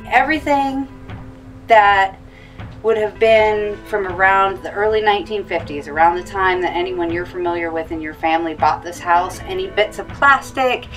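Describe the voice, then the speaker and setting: A woman's voice: mid-range voice, fairly bright tone, far from the mic, low-quality recording. A woman explaining what she finds in the soil and objects to the homeowner, in a documentary conversation.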